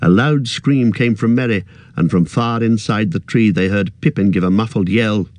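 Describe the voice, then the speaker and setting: A man's voice: on the low side, moderate pace, darkish tone, dry recording. Man narrating a story, dry close sound. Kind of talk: audiobook narration.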